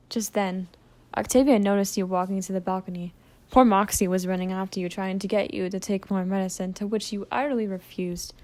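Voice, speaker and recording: A woman voice actress narrating a second-person listener audio drama with calm storytelling. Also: mid-range voice, fairly quick.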